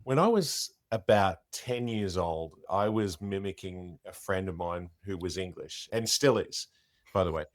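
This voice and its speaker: An Australian middle-aged man, an impersonator, telling his story in a chatty, animated way as an interview guest. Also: low voice, measured pace, no room sound.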